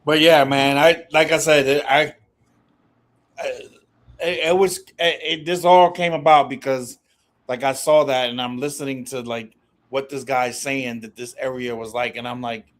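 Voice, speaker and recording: A man's voice: mid-range voice, fairly even intonation. A man in casual chat, thinking back on growing up, often stopping and restarting his sentences. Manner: halting, many restarts, reflective.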